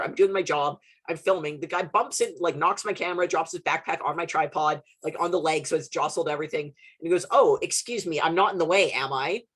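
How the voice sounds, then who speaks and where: A young adult woman from Canada hosting a podcast, telling stories in a casual, animated way, swearing and laughing often. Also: fairly low pitch, breathy edge. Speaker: podcast host. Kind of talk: casual chat.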